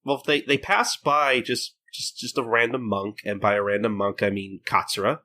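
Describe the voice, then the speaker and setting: A man co-hosting a casual podcast chat, recapping manga and breaking into quick acted character lines, laughing often. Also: on the low side, flat delivery, sharp tone. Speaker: podcast co-host.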